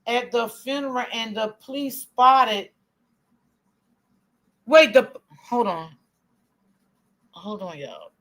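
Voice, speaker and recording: A middle-aged woman hosting a live stream, reading the chat aloud and commenting bluntly, with plenty of cursing. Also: lowish voice. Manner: blunt, profane, outspoken, talks to chat as y'all.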